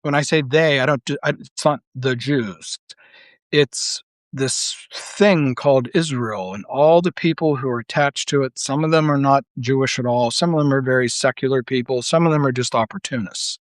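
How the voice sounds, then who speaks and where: A man's voice: medium pitch, normal speed, no echo. Blunt, heated man ranting. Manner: rambling with restarts and rhetorical questions. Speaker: online commentator. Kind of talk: unscripted political monologue.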